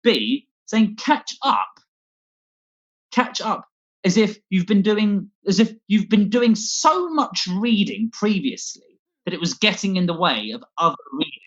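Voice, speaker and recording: A man's voice: high-pitched, big pitch swings, measured pace, a bit bright. Guy doing rambly standup over a dull webcam mic, voice jumps up and down a lot. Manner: scattered, self-deprecating, sweary. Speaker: stand-up comedian. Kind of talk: rambling online stand-up set.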